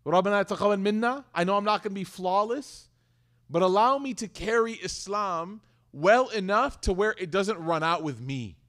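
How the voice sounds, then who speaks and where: A man delivers a sermon to his community in a lively, conversational way. His voice sits a little high. He speaks directly to his listeners and weaves stories into the teaching. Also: normal speed. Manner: conversational, animated, addresses audience directly.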